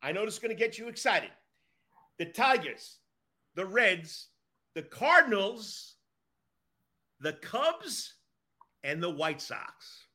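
A man's voice: high-pitched, big pitch swings, takes it slowly, pauses often, pushed and bright. A man co-hosting a baseball podcast, chatting casually and moving the talk along. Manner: upbeat, steers the talk along. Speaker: podcast co-host. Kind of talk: casual sports chat.

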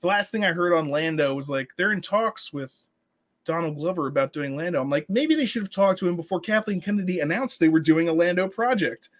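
Male co-host, lightly raised pitch, sarcastic and animated in casual talk. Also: brisk. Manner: animated, sarcastic, mocking impressions. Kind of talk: casual podcast chat.

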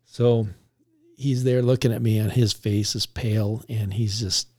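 A man, a police officer, recounting a story in a relaxed conversational way, laughing now and then as he talks. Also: lowish voice, unhurried. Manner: animated, laughs while recounting.

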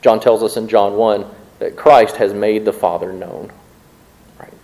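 A man's voice: fairly low pitch, steady tone, a little slow, mellow, poor audio. Conversational male pastor preaching. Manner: conversational preaching with frequent "right?" asides. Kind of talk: sermon.

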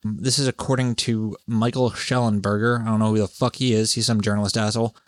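A man's voice: on the low side, flat delivery, fairly quick, no room sound, studio quality. Profane, rambling man. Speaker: podcast host. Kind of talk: solo rambling monologue.

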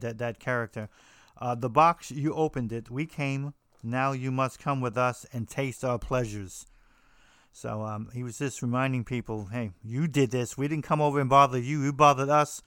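A man's voice: mid-range voice, fairly bright tone, smooth, dry recording, studio quality. An American man hosting a podcast, talking casually in a rambling way with frequent restarts and fillers. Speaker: podcast host. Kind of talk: casual monologue on horror films.

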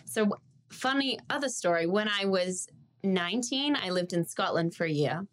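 A woman's voice: mid-range voice, lively intonation, moderate pace. Young aussie woman, accent half americanized, chatty guest telling stories, laughs a lot. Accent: Australian, partly Americanized. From Australia. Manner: chatty storyteller, laughs often. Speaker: guest, stage performer. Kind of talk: casual interview chat.

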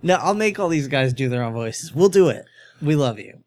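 A man's voice: medium pitch, moderate pace, dry recording, studio quality. A young adult man hosting a podcast, chatting playfully and reading stories aloud. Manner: playful, animated. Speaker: podcast host. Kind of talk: casual podcast chat and dramatic reading.

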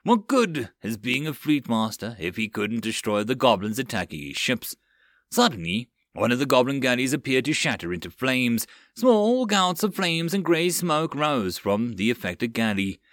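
A man's voice: medium pitch, very animated, moderate pace, a bit bright, no echo, clean studio sound. A man narrating an audiobook of a web novel with dramatic storytelling.

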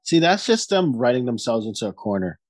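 A man's voice: medium pitch, very animated, fairly quick, no echo. A man co-hosting a podcast, joking about a TV episode in casual chat and acting out quotes. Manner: jokey, acts out quotes. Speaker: podcast co-host. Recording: dry sound.

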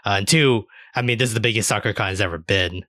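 Low-pitched man, bright forceful tone, dry sound, rambling podcast co-host who swears a lot. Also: fast talker, no echo. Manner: rambling, swears freely, many fillers. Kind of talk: casual chat.

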